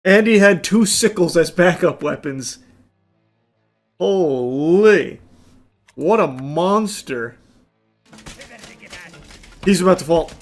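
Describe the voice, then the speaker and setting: High-pitched, excitable gaming commentator man. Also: takes it slowly, long pauses, soft background music. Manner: excitable, yelling, cursing and laughing in bursts. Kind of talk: live gameplay commentary.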